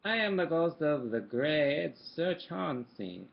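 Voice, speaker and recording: A slow, quavering old knight ghost booming through a storybook reading, as a man puts him on. The voice sounds gravelly and a little muffled. Each line is drawn out and spooky. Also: very animated, heavily acted.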